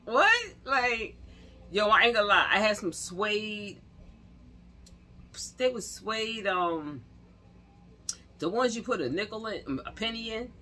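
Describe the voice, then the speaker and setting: A woman, telling stories to camera in a slangy, animated way and acting out what people said. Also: medium pitch, a little slow, pauses often. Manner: animated, slangy, laughs and acts out quotes. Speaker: vlogger. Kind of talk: casual storytelling to camera.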